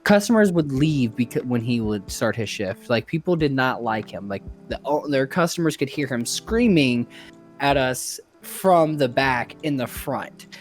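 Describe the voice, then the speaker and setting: Give me a young man co-hosting a casual podcast, telling a rambling, profane story in an excitable way. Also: mid-range voice, measured pace, soft background music. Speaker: podcast co-host.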